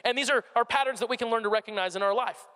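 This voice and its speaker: A man preaching a sermon in a high, bright voice, chatty and animated, doubling up his words as he gets going. The sound carries a long reverb from a church hall. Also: rapid-fire, clear, resonant tone. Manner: conversational, animated, repeats words when starting phrases. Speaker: pastor.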